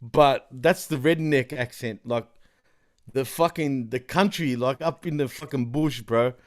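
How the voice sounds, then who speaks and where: A man with an Australian accent, a podcast guest talking in an animated, slangy way with plenty of swearing, often slipping into other accents. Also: mid-range voice, measured pace. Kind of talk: casual chat.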